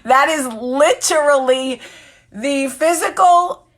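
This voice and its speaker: A vlog host in her forties runs a casual live chat, joking candidly and reading viewers' comments aloud as she answers them. Her voice is high-pitched and she takes things slowly.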